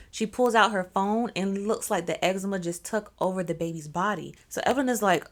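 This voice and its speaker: A woman's voice: mid-range voice, brisk, hardly any pauses. A young woman telling a story in a casual, chatty way, with slangy asides to her viewers. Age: young adult. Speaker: storyteller host.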